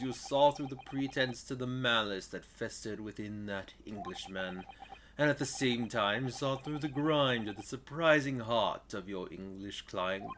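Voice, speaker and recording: A man's voice: fairly low pitch, a bit bright, a little hiss or hum. A man voicing a pompous, stern older British judge in a game playthrough, with formal, grandiloquent courtroom speech. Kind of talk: video game voice-over playthrough.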